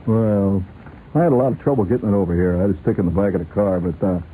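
A man's voice: fairly low pitch, quick pace, close to an everyday voice. Man doing a bashful mumbling gift-giver. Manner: shy, mumbling, hesitant. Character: bashful man giving a giant present. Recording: tinny lo-fi radio with faint hiss.

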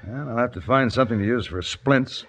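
An actor playing a calm, tough Western manhunter who also narrates, speaking dry, terse and steady in 1950s radio drama style. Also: male voice, mid-range voice, fairly quick, slight background noise, lightly acted. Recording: dull old radio recording with music.

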